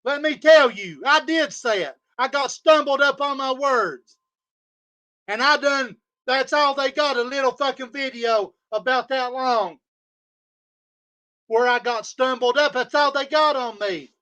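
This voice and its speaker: A man with a very high, sharp voice rants on a livestream. He swears constantly and circles back to the same insults in a heated stream of talk. The tone is cutting and tense. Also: a little slow. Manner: profane, heated, repetitive insults. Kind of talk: angry livestream rant. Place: home studio.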